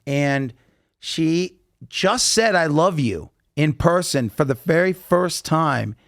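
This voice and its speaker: A man, a podcast guest, telling a story in casual chat and acting out the quotes with lively voices. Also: fairly high pitch, takes it slowly, dry recording, clean studio sound.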